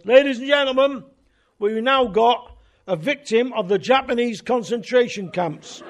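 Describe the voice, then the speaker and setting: A man's voice: high voice, darkish tone. An older man, a folk show host telling wry, rambling anecdotes in a conversational way. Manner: wry, conversational, drifting tangents. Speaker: folk radio host and storyteller. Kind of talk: anecdotal storytelling.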